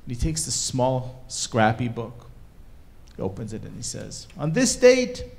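A man giving a storytelling talk to a live audience at a cultural event, animated and casual, with fillers. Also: mid-range voice, measured pace, creaky. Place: event hall stage.

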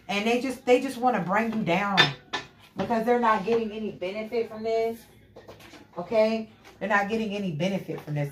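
Emphatic tarot-reading woman in an echoey room. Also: lowish voice. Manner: emphatic, repetitive, frequent "you know what I'm saying". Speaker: tarot reader. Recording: echoey room with loud background noise.

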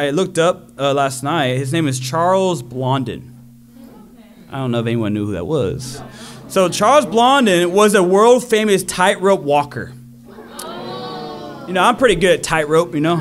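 A man's voice: fairly high pitch, expressive, moderate pace, a bit bright. A man preaching a sermon, telling a story with energy and acting out the crowd's voices.

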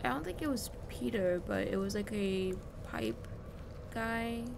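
A woman's voice: mid-range voice, animated, unhurried, creaky, noisy background. A young woman streamer chatting and swearing casually as she plays a game and talks to its characters. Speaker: gaming streamer. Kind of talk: casual let's-play commentary. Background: game music.

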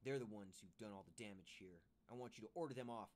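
A man's voice: fairly low pitch, quick pace, darkish tone, close to an everyday voice. A man voicing a hostile, snarling adult man with a rifle while reading a children's storybook aloud. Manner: snarling, grudging.

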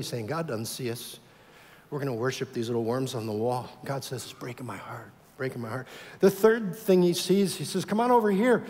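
Dramatic preaching man in a reverberant hall. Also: fairly high pitch. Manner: dramatic, acts out voices of God and worshippers, swings from loud to hushed. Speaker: pastor. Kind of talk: sermon. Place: church sanctuary.

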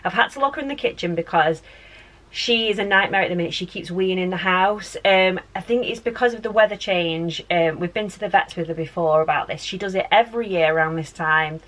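A woman's voice: fairly low pitch, brisk, fairly bright tone. A woman, chatting casually as she vlogs from her child's bedroom at home, rambling with lots of fillers. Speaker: vlogger and mum. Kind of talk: casual home vlog chat.

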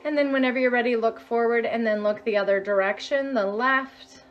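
A woman's voice: on the high side, fairly even intonation, fairly quick, lo-fi sound, soft background music. A woman energy healer leading a live guided healing session, soothing and chanting a repeated release mantra.

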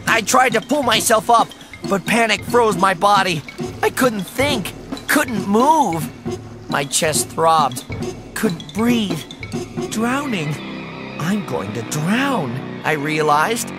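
A man's voice: high-pitched, big pitch swings, slow, over music, pitched above the performer's own voice, heavily acted. A man reading an audiobook, voicing a frightened young boy who narrates breathlessly and cries out in panic. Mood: frantic.

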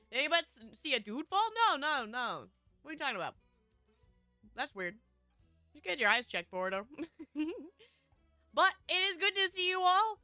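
A woman's voice: high voice, bright, forceful tone, no echo. A young woman streaming a game, chatting casually with her viewers in a bubbly, giggly way. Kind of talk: casual live-stream chat.

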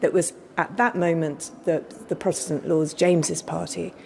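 A woman's voice: low-pitched, fairly even intonation, normal speed, creaky, a little mellow, slight background noise. A woman historian explaining a museum exhibit to visitors in a knowledgeable, eager way. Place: museum gallery, indoors.

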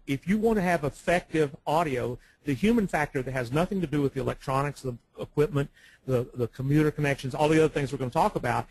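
A man co-presenting a webinar, a former broadcaster who explains microphone technique and often pauses on "uh.". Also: a little high, a little mellow, no echo, low-quality recording. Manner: speaks with many "uh" fillers and restarts. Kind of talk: instructional webinar talk. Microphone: professional microphone, close.

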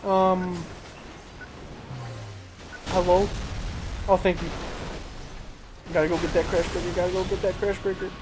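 A man casually commentating his own racing gameplay, excitable and self-mocking, talking to himself as he plays. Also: high-pitched, measured pace, long pauses, music in the background. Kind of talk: casual let's-play commentary. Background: engine noise and crashes from the game.

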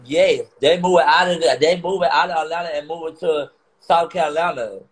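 A man's voice: on the high side, fairly quick, low-quality recording. Upset man ranting to viewers. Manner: upset, repetitive, swearing. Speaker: vlogger on a live stream. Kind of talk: emotional rant to viewers.

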